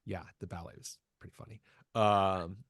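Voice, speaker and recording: Chatty low-voiced man from New Jersey. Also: fairly even intonation, normal speed, a bit bright, no echo, studio quality. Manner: chatty, jokey, self-deprecating. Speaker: guest, voice actor. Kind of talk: casual storytelling interview.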